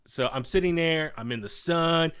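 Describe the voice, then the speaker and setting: This young podcast guest's voice sits on the high side, smooth and slightly bright, moving at a moderate pace. He wanders through a lengthy story with plenty of fillers and false starts, performing the voices of its characters.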